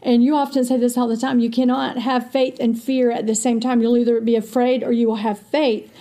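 A woman's voice: a little high, level tone, a little fast, mellow. A woman co-hosting a faith podcast, speaking in an earnest teaching tone and quoting scripture. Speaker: podcast co-host.

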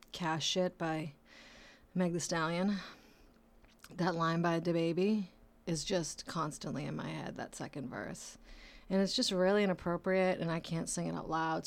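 A woman hosting her own podcast, talking loosely and playfully in casual solo chat, now and then dropping to a soft whisper. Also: sits low, gravelly. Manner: chatty, self-deprecating, loose and playful. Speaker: podcast host.

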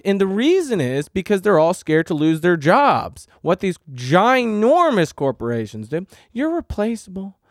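A man's voice: fairly high pitch, no room sound, clean studio sound. A man hosting a podcast, ranting in an agitated, profane monologue. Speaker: podcast host.

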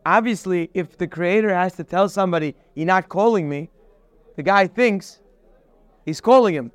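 A man's voice: sits high, normal speed, clear, resonant tone, no room sound. A man teaching a morning Torah class, emphatic, with rhetorical questions and repeated phrases, telling a parable. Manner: tells parables in a storytelling voice.

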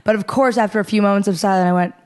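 A woman's voice: medium pitch, fairly even intonation, rapid-fire, darkish tone, clean tone. A young woman telling a story in casual chat, laughing often as she talks. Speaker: podcast co-host.

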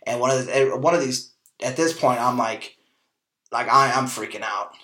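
A man in his forties, from Kansas, tells a personal story on a podcast in a bright, forceful voice of middle pitch. He is animated, acts out what others said, and fills his pauses with ums and likes. The room gives his voice a lively echo. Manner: animated storyteller, acts out quoted dialogue, frequent fillers. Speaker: podcast host. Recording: echoey room.

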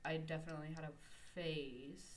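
A woman's voice: low voice, fairly even intonation, brisk. A young woman chatting casually as a podcast co-host, laughing often and filling with "like" and "um". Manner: laughing often, many fillers. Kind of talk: casual chat. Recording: a bit distant from the mic, faint noise.

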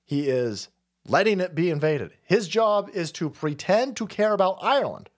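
Fairly high-voiced guy ranting on his stream, swears a ton, laughs a lot. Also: big pitch swings, moderate pace. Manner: foul-mouthed, laughing, ranting. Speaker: streamer host. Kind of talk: profane livestream commentary rant.

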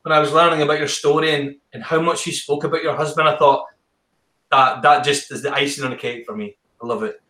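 A man's voice: on the high side, steady tone, quick pace, sharp tone, roomy sound, low-quality recording. A man hosting an interview, effusive and enthusiastic, often restarting his sentences. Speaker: podcast host. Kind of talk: casual interview chat.

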